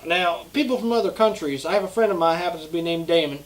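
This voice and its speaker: A man's voice: fairly high pitch, fast, poor audio. A man with a Southern US accent co-hosting a casual chat, laid-back and swearing freely. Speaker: co-host.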